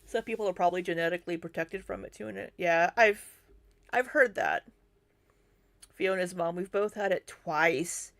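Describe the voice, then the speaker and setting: A woman's voice: lowish voice, moderate pace, creaky, a bit bright. A woman hosting a live commentary stream, reacting to video clips and answering viewers' comments in a chatty way.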